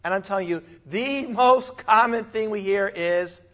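A male pastor preaching a sermon in a conversational, animated way, with asides and small laughs. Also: high voice, a little slow, dull audio.

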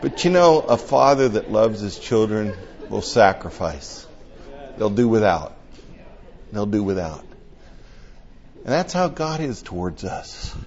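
Older man preaching, lo-fi. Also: on the low side. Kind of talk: conversational sermon.

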